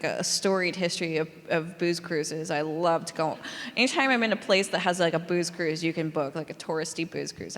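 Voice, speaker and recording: An author guest chatting loosely in a live interview, laughing often and full of fillers. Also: female voice, fairly low pitch. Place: library hall before a live audience. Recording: long reverb of a large hall.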